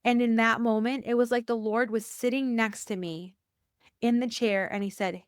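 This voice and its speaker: A woman who works at a church, a podcast guest telling a personal faith story, animated, acting out quoted dialogue and repeating phrases for emphasis. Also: normal speed, clean tone, dry recording, studio quality. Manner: animated, acts out quoted dialogue with rising pitch. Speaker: church worker.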